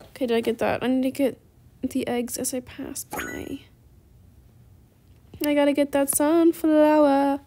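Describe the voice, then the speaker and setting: Chatty woman with a creaky voice. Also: high voice, measured pace, long pauses, slight background noise. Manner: chatty and rambling, easily excited. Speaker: gaming channel host. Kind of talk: casual gameplay commentary.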